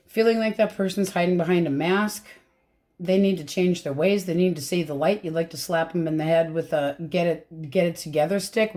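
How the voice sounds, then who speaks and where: A woman's voice: lowish voice, darkish tone. A woman giving a casual tarot reading, chatty and blunt, swearing freely as she talks. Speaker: tarot reader.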